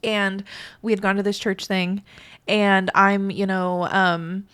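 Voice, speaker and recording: A woman's voice: medium pitch, little pitch movement, takes it slowly, fairly bright tone, smooth. A woman in her late twenties co-hosting a podcast, telling a candid personal story in casual chat, full of "like" and restarts. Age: 20s. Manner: candid, filler-heavy storytelling with frequent "like". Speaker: podcast co-host.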